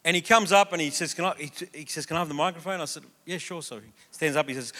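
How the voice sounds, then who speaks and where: A pastor preaches a sermon in a church auditorium, animatedly telling a story and acting out the quoted voices in it. His voice is on the high side and quick, with hardly any pauses, and the hall gives a long reverb.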